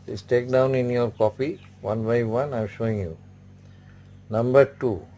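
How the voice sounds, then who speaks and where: Male language teacher, patient and repetitive, mid-pitched voice. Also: fairly even intonation, moderate pace, dark tone. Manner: repetitive, instructive, frequent "okay" and "say". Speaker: French teacher. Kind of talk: classroom language lesson.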